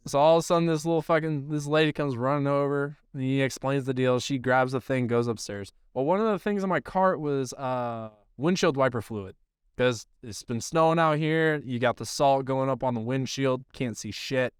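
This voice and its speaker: A man's voice: medium pitch, normal speed, clear, resonant tone, no room sound, clean studio sound. A man co-hosting a baseball podcast, telling a long profane story in casual chat. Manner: profane, rambling storyteller who acts out quotes. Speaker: podcast co-host, baseball coach.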